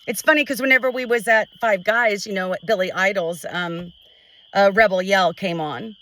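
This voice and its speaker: A middle-aged woman venting to a phone camera at home, frustrated and halting, restarting her sentences often. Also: mid-range voice, a bit bright, distant mic, rough recording. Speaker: vlogger. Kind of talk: emotional personal vent to camera.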